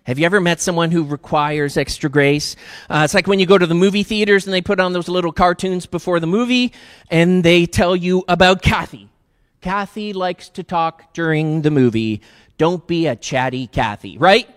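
Speaking at a moderate pace in a high voice, a pastor tells stories from the pulpit in a relaxed, cheerful way, addressing his congregation directly. The sermon echoes with the long reverb of the church hall.

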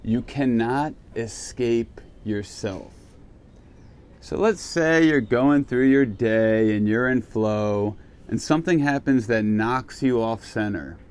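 A man's voice: medium pitch, slow pace, a little mellow, clean tone. A man giving a casual, reflective self-help monologue, candid and swearing freely. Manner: candid, swears casually, acts out his own reactions.

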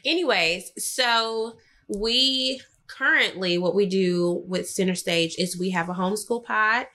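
A woman in her thirties co-hosting a podcast, explaining things in a measured, low-key way. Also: sharp tone. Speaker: podcast co-host. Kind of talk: casual chat.

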